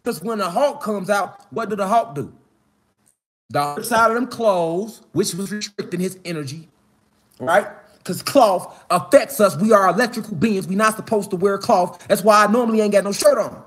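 A man preaches outdoors in the mountains. His talk is casual, profane and slangy, and it keeps climbing into fired-up shouts. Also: high voice, normal speed. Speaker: spiritual commentator.

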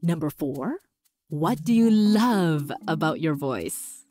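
Animated woman podcast host. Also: sits low, slow, soft background music. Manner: encouraging, animated, playful voice shifts. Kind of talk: solo podcast coaching talk.

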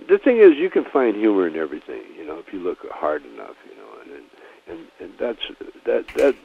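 A man, a comedian guest in a casual phone interview, talking in a rambling, laid-back way full of restarts and "you know". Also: on the low side. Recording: tinny phone line.

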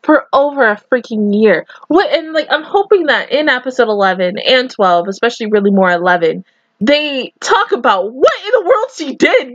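A woman's voice: fairly high pitch, big pitch swings, normal speed, no echo, muffled recording. A young woman hosting an anime reaction, gushing and giggling through casual commentary full of "like" and "oh my god".

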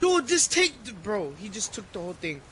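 A man's voice: high voice, sing-song, brisk, heavy background noise. A young man chatting crudely with friends while streaming a game. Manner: crude teasing banter. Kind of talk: casual gaming chat.

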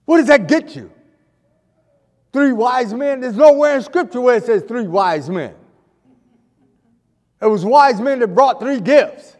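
A man's voice: extremely high pitch, a little slow, darkish tone, in a large hall. A male pastor preaching a fervent sermon, repeating phrases and hurling rhetorical questions at the congregation. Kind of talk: fiery sermon. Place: church sanctuary.

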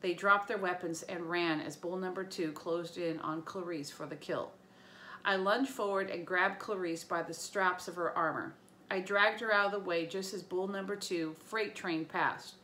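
A woman teacher reading a novel aloud to her students, with lively storytelling and small slips. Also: on the low side, moderate pace, a little hiss or hum.

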